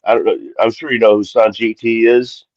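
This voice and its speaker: A man in casual podcast chat, joking and quick to chime in. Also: on the low side, fairly even intonation, dry recording. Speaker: podcast co-host. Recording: dull dry remote mic.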